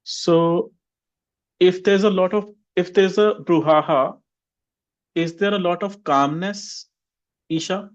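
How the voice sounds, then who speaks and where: Brief: male English teacher on a video call, higher voice, quizzes students one by one, dull audio. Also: takes it slowly, long pauses. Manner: questions students by name, drills repetition. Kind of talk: online class teaching.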